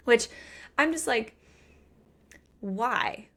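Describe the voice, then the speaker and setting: A woman in her thirties co-hosting a casual book podcast, animated and acting out characters' lines. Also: a little high, takes it slowly, long pauses. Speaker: podcast co-host.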